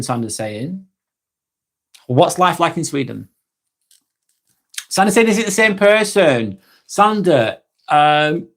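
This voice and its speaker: A young man with a British accent hosts a casual live stream and answers viewers' comments as he goes. His voice sits at an ordinary middle pitch. He talks in a loose, relaxed way, with filler ums and easy little laughs. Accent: British English. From England. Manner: relaxed and chatty, with frequent ums and quick laughs.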